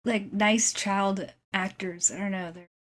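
Agreeable and giggly, a female podcast co-host talks casually about a movie, frequently laughing, agreeing and hesitating as she hunts for words. She speaks unhurriedly in a medium-pitched voice with fairly even intonation.

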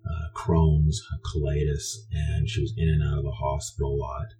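A man's voice: rumbling low, little pitch movement, normal speed, music in the background. A man from Canada telling a personal story in a meandering, conversational way, often restarting his sentences.

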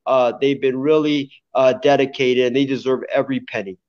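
A man's voice: medium pitch, fairly even intonation, brisk, a little mellow. A man co-hosting a sports talk show, speaking sincerely and gratefully. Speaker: co-host. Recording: dull, lo-fi sound.

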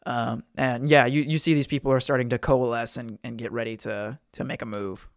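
A man's voice: mid-range voice, steady tone, fairly quick, dry recording, studio quality. A man narrating a tabletop game as game master, loose and hesitant, with lots of fillers.

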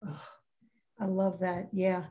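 A middle-aged woman hosting a faith interview, speaking in a gentle, affirming and reflective way. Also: fairly low pitch, monotone, takes it slowly. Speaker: host.

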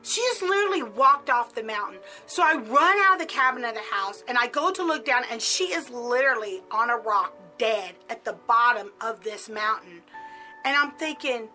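A woman's voice: fairly high pitch, lively intonation, moderate pace, sharp tone, faint music behind, rough recording. A middle-aged woman casually telling a personal story, chatty and full of filler words. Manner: chatty, peppered with "like".

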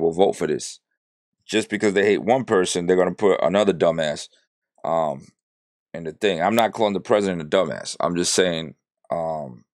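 A man's voice: deep voice, no room sound, clean studio sound. A man giving a blunt, exasperated reaction rant about politics, swearing freely as he talks. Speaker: political commentator reacting to a clip.

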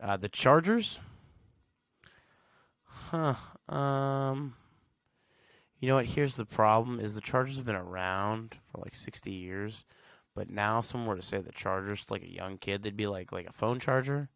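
Low gravelly man casually chatting. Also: measured pace, long pauses, a bit bright, no room sound. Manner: slangy, reads facts aloud and reacts with blunt verdicts. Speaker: podcast host. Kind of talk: casual solo podcast chat.

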